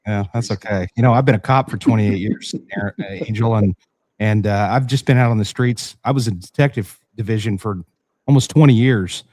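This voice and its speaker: A man in his fifties, a longtime police officer hosting a podcast, asking quick, halting questions full of restarts in a casual interview. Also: fairly low pitch, a little mellow, dry recording.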